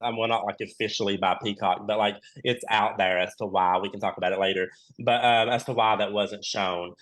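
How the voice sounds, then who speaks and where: A man's voice: on the low side, fairly quick. A man, a reality show contestant as a podcast guest, chatting casually and acting out the dialogue in his stories. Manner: animated storyteller, acts out quoted dialogue.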